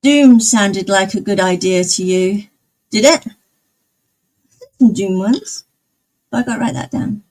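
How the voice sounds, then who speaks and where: A woman's voice: mid-range voice, measured pace, pauses often. A woman live streamer chatting casually with her viewers, rambling and often laughing. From outside the United States.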